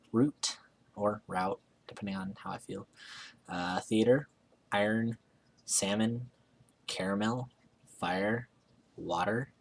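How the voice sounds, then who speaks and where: A young man from Alaska in a casual vlog, reading words aloud and talking about a book with a hesitant, relaxed manner. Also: fairly low pitch. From Alaska, USA. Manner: hesitant, lots of ums and restarts, relaxed. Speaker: vlogger. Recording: faint background noise.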